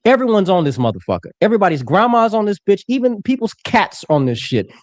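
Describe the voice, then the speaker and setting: A man's voice: high voice, big pitch swings, fast talker, no echo. A man in his twenties arguing heatedly in a live-streamed debate, aggressive and profane, talking over the others. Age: 20s. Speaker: political commentator.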